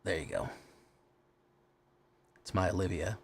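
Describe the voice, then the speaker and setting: A man in casual live-stream chat, hosting the show with an easygoing, rambling delivery. His voice sits a little low. He greets viewers one by one and grumbles aside at his gear between thoughts. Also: sing-song, unhurried, gravelly, slightly rough. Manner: loose and chatty, greets viewers by name, mutters at his camera. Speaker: streamer host.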